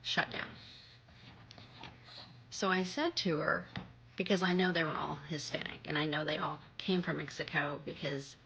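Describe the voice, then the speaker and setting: Low, gravelly woman on a muffled recording. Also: sharp tone. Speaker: storyteller in an online clip. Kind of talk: casual storytelling to camera. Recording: slightly muffled, faint background noise.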